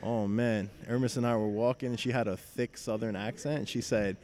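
A young man telling a story on a podcast, excitable and laughing, with lots of fillers. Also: mid-range voice, normal speed. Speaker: podcast guest. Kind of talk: casual storytelling chat.

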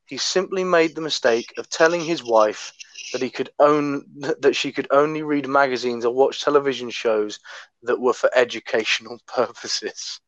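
A man's voice: mid-range voice, moderate pace, a bit bright, no room sound. A man from Oklahoma co-hosting a casual true-crime chat, sweary and often laughing. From Oklahoma, USA. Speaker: podcast co-host. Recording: dull, dry sound.

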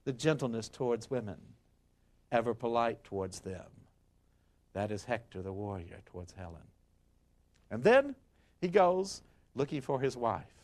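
Man telling an ancient tale with lively pitch. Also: unhurried, long pauses. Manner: dramatic and expressive, acts out quotes. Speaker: history lecturer. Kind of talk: storytelling lecture.

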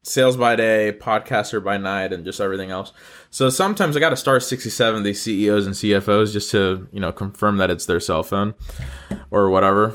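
A man with a voice on the low side and a bit of brightness hosts a good-news podcast. Originally from North Carolina, he keeps things upbeat and speaks to his audience with earnest encouragement and affection.

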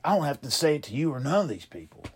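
Rambling man with a lively voice. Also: fairly high pitch, rapid-fire, husky. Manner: profane, rambling, deadpan insults. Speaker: comedy show host. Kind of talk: comic one-sided phone rant.

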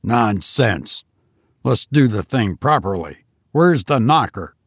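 A man reading a story aloud, voicing a bold man who leads his friends with brisk commands. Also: lowish voice, big pitch swings, no echo, studio quality, full character voice. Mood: commanding. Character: bold, brisk man leading a ghost hunt. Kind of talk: audiobook character voice.

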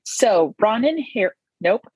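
Woman podcast co-host, husky, teasing and profane, dry close sound. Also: medium pitch, sing-song, slow, a little mellow, dry recording, rough recording. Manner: teasing, swears casually, laughs a lot. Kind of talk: casual chat.

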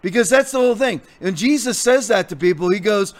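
Man, pastor, high-pitched voice, combative sermon, blunt, defiant, repetitive emphasis. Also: brisk, few pauses.

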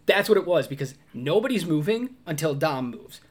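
A man with a somewhat raised voice co-hosts a casual movie podcast. He retells scenes with lively put-on voices and grunts, chatting freely. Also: on the high side, moderate pace, breathy edge. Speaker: podcast co-host. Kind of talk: casual movie review chat.

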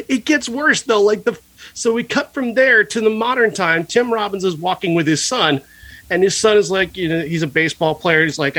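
Male podcast co-host, husky, a touch high, animated profane film rant. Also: normal speed, dry recording. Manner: animated, profane, mocking, laughs often. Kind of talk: casual film review chat.

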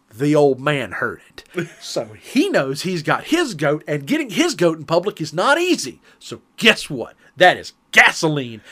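A man's voice: on the high side, a bit bright. A man on a casual podcast telling a family story, acting out the quotes and laughing often.

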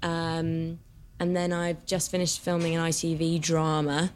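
A woman with a fairly low voice talks freely as a podcast guest, casual and quick to swear. Faint background noise sits under the recording. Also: completely flat delivery, a little mellow. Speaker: actress guest. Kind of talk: casual chat.

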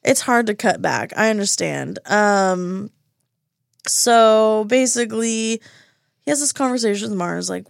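A woman co-host recapping an episode with lots of energy, slipping into little voices for the characters and swearing casually. Her voice sits at an ordinary middle pitch. It is close-miked in a dead, dry studio. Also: measured pace, gravelly, no room sound. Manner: animated, acts out characters' lines, swears casually. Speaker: podcast co-host. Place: recording studio.

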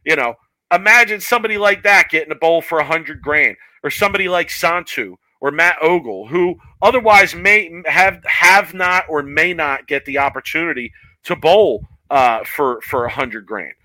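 Excitable man with a bright voice. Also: on the high side, normal speed, no room sound, poor audio. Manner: excitable, laughs often, says "yo" a lot. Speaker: co-host of a bowling talk show. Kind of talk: casual sports chat.

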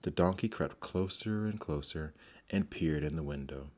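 Male narrator, deep voice, gentle expressive storybook reading. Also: moderate pace.

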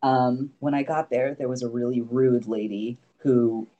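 A man's voice: mid-range voice, little pitch movement, unhurried, warm tone, highs cut off. A man guesting on a podcast, telling a long story in a loose, rambling way, full of fillers, casual swearing and little laughs. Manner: laughs often between remarks.

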